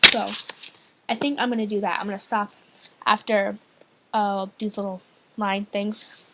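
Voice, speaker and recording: A woman's voice: medium pitch, little pitch movement, measured pace, heavy background noise. A woman reading a novel aloud in a casual, hesitant way, often stumbling and restarting lines. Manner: hesitant, frequent restarts and fillers. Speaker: audiobook reader, channel host.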